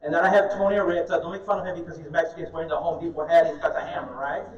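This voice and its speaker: A high-voiced man tells animated stories and jokes with an audience during a live meetup talk. He sounds distant and muffled, picked up across an echoey meeting room. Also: rapid-fire. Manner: animated storyteller, joking with the audience. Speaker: speaker at an investor meetup.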